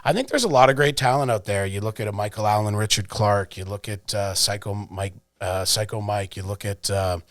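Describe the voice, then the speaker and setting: A man's voice: fairly low pitch, a little fast, hardly any pauses, dry recording, clean studio sound. A man, a wrestling executive appearing as a guest, telling anecdotes in a casual interview. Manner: lively storyteller, fillers and restarts.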